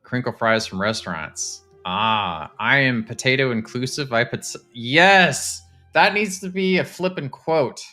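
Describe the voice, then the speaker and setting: A man, casually chatting to his live-stream viewers while touring game houses, excitable and talkative. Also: medium pitch, measured pace, few pauses, soft background music. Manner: chatty, excitable, talks to chat.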